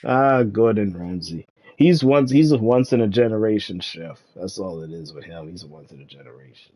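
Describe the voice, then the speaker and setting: A man's voice: lowish voice, expressive, normal speed, warm tone. A young adult man streaming a video game, chatting in a laid-back, slangy, joking way. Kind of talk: casual gaming stream chat.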